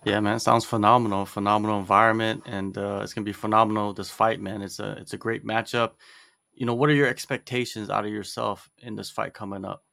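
A man's voice: fairly low pitch, fairly even intonation, brisk, creaky, a bit bright, dry recording, clean studio sound. A man interviewing a fighter, asking questions in a laid-back way with lots of casual fillers. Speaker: sports interviewer.

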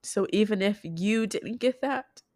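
A young woman talking to her viewers in a heartfelt personal vlog, halting and restarting as she speaks. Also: medium pitch, a little mellow, dry recording, clean studio sound. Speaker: vlogger.

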